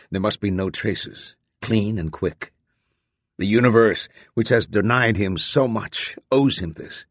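A man narrating a literary science fiction audiobook in a measured, deliberate reading with dramatic emphasis. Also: fairly low pitch, husky, no room sound.

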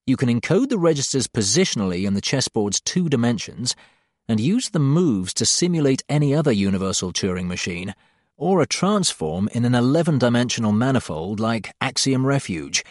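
Dude narrating a first-person audiobook, wry and dry, voice bounces around a lot. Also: male voice, mid-range voice, sing-song, normal speed, no echo.

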